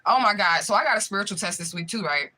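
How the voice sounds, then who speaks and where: A woman talks casually to her viewers, spinning an animated story laced with profanity and fillers. Her voice is bright and sharp, at a middle pitch. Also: quick pace. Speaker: spiritual reader and vlogger. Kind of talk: casual live chat to viewers.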